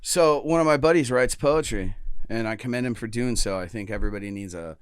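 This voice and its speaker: A man's voice: mid-range voice, a little fast, smooth, no echo, clean studio sound. Joking, profane podcast co-host guy. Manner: loose, joking, profane banter. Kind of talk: casual chat.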